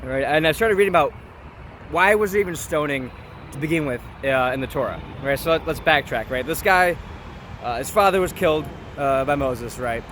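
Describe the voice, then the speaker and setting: A young man with a fairly high voice talks through a scripture story in an informal, chatty vlog manner, often tossing in quick check-ins with the listener. He is recorded outdoors, with steady street traffic clearly heard behind him. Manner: informal, chatty, keeps asking "right?". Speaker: vlogger. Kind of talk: casual commentary on scripture.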